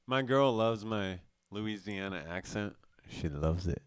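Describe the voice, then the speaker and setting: A man's voice: fairly low pitch, animated, measured pace, few pauses, smooth, no echo, clean studio sound. A young man from South Dakota hosting a live show, rambling casually in a loose, profane, self-mocking way.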